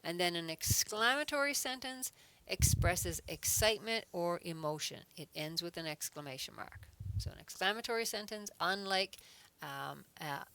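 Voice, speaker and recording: Lady teacher going over grammar slowly, kinda gravelly lowish voice. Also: lively intonation, a bit bright. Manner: patient, explains step by step, reads example sentences aloud with emphasis. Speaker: adult education teacher. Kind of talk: online grammar lesson.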